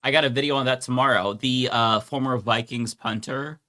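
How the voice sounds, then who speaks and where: Guy cohost, bright tense voice, blunt, swears a lot, bit off mic. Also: medium pitch, fairly even intonation, a little fast. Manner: blunt, swears casually, laughs along. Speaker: podcast co-host. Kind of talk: casual chat.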